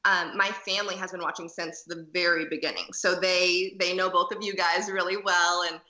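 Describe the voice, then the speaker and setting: A woman's voice: fairly low pitch, level tone, moderate pace, pushed and bright, reverberant, dull audio. A woman in her twenties, a podcast guest, chatting casually and saying "like" a lot. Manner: chatty, peppered with "like". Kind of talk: casual interview chat.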